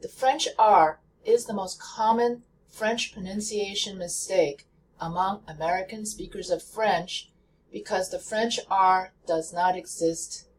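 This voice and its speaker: A woman giving a pronunciation lesson, speaking deliberately and repeating each sound for practice. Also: medium pitch, far from the mic, slight background noise, rough recording. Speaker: language teacher.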